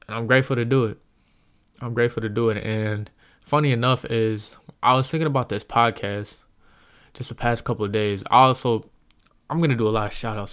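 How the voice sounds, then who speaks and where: A young man talks straight into the mic on his own podcast. His voice is low and smooth and stays fairly level, and he sounds earnest and encouraging, repeating his points for emphasis. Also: fairly bright tone. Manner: earnest, repetitive, heartfelt and encouraging. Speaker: podcast host. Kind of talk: solo podcast monologue.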